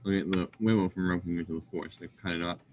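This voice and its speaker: Low-voiced casual male player. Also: steady tone, racing, background noise. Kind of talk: playing a tabletop game.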